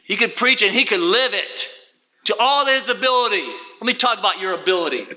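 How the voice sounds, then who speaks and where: High-pitched, bright-voiced fervent male preacher. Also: animated, a little fast. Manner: fervent, swings from quiet to shouting. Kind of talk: sermon.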